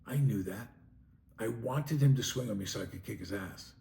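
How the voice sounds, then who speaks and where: Gravelly New man telling a story. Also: fairly low pitch, moderate pace, dark tone. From New York, Long Island. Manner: rambling, conversational, frequent "you know". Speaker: host. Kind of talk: personal storytelling monologue. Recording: echoey room with faint noise.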